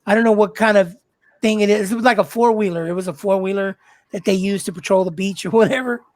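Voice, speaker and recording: A co-host of a live drawing stream chatting casually, halting and searching for words with many fillers. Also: mid-range voice, no echo. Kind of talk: casual livestream chat.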